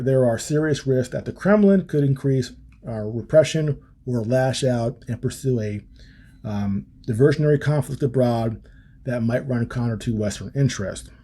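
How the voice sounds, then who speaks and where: A man's voice: medium pitch, dark tone, breathy edge. A man hosting a political podcast, reading from a policy paper and commenting on it in a casual way, with many ums and restarts. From United States. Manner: casual, frequent ums and restarts, wry asides. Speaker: podcast host.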